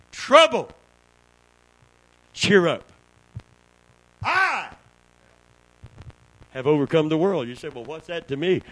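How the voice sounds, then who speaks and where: A Southern American man preaches to a small congregation in church, calling for responses and telling folksy stories that climb to fervent peaks. His voice is high-pitched and a bit bright with a breathy edge, and the audio is poor.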